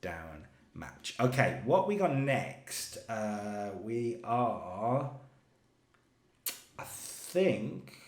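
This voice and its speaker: A man talking through a wrestling booking game, telling each segment like a story. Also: on the low side. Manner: animated storytelling, voices characters in quick asides. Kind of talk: casual commentary over gameplay. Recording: echoey room.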